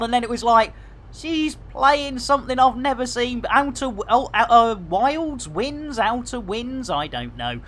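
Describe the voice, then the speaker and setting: A man's voice: high voice, sharp tone. A man rambling casually to his chat while streaming a game. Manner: chatty, rambling, jokey.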